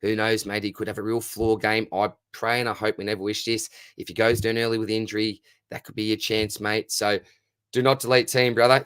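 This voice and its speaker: This Australian man has a fairly bright voice on the low side. He runs a relaxed live stream Q&A, reading out questions from chat and replying in a matey, friendly manner. The recording is studio quality with no echo.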